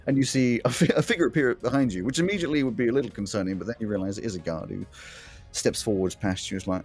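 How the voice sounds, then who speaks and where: A man's voice: medium pitch, fast talker, darkish tone, faint music behind. A man narrating a tabletop game as the game master in a laid-back manner. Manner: laid-back, chuckling often.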